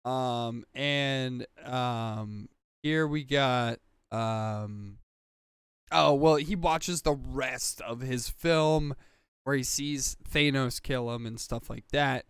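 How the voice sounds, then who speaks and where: A man's voice: medium pitch, drawn-out words, a bit bright, smooth, dry recording, studio quality. A man casually recapping a TV episode on a podcast, rambling with fillers and acting out quoted lines. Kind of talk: casual chat.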